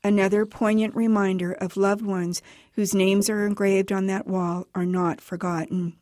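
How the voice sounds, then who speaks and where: A woman author reading her own personal account aloud for radio in a measured, even storytelling manner. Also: medium pitch, no room sound, clean studio sound.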